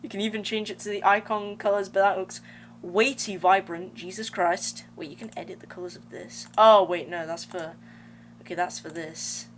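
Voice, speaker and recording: A woman's voice: mid-range voice, steady tone, normal speed, slight background noise. Young woman streamer, slangy chat. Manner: slangy, rambling, talks to chat. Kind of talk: casual live-stream chat while gaming. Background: game music.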